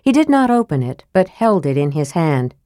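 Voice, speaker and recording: A woman narrating an audiobook in a steady, measured reading style. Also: low voice, no echo, studio quality.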